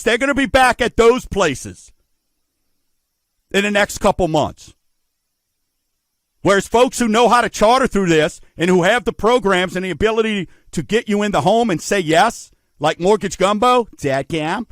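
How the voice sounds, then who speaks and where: A man's voice: sits high, a bit bright, no echo. A middle-aged man hosting a radio talk show about mortgages, folksy and emphatic, asking rhetorical questions. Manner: folksy, addresses listeners as folks.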